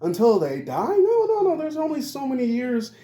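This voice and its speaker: A man's voice: extremely high pitch, wildly swooping pitch, normal speed, warm tone. A man in his twenties giving a rambling monologue, blunt and profane. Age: 20s. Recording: roomy echo.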